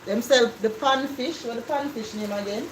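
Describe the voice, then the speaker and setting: A woman's voice: fairly high pitch, moderate pace. A Jamaican woman with a slightly raised voice chats casually in patois while co-hosting a home cooking stream, rattling off lists. Her voice rings in a roomy kitchen with a faint hum behind it. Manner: lively talk in patois, lists things off. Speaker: co-host of a cooking live stream. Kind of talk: casual live-stream chat.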